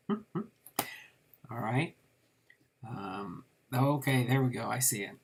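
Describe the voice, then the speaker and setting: A man's voice: mid-range voice, slow pace, vocal fry, pauses often, a little hiss or hum. A man casually reviewing a set of trading cards, reading names off the cards in a rambling way with many fillers.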